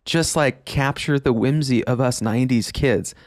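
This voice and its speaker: A man's voice: medium pitch, normal speed, no echo, studio quality. A man, hosting a nostalgic podcast monologue, enthusiastic and emphatic, laughing often as he talks. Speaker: podcast host.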